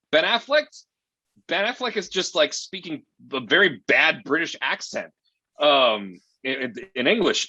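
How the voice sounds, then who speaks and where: A man's voice: sits high, pushed and bright, breathy edge, no room sound. A man reviewing a film in casual chat, rambling and profane, often exasperated.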